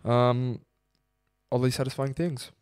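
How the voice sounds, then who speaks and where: A young Australian man co-hosting a podcast, telling a story with lively quoted voices. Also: mid-range voice, unhurried, clean tone, no room sound, studio quality. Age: young adult. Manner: animated storyteller acting out quotes. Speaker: podcast co-host. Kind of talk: casual podcast chat.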